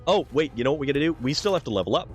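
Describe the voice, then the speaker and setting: A man's voice: on the high side, expressive, rapid-fire, soft background music. A man from New Hampshire streaming a game live, chatting casually with viewers and calling them dude. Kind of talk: live gameplay commentary and chat reading.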